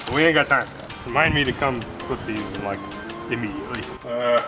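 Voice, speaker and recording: A cooking show host with a mid-range voice talks at a quick pace, rambling and joking easily as he cooks for his casual vlog. Background music plays in a roomy-sounding space.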